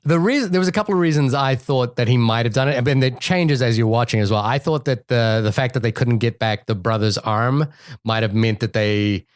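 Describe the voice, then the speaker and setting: A man's voice: medium pitch, a little fast, dry recording, clean studio sound. A man co-hosting a movie podcast, talking casually and stumbling through many restarts and repeated words. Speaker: podcast co-host. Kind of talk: casual movie review chat.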